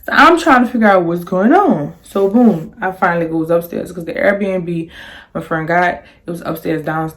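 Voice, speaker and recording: A young woman telling a storytime in casual chat, rambling with lots of restarts and fillers, and jumping high in pitch when she quotes herself. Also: moderate pace. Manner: animated, jumps high on quoted lines. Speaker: storyteller vlogger.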